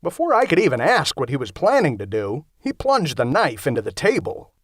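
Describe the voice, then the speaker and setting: A man's voice: on the high side, huge pitch swings, a little fast, breathy edge, no echo, clean studio sound. A man narrating a horror-comedy audiobook in the first person, with a wry, conversational delivery.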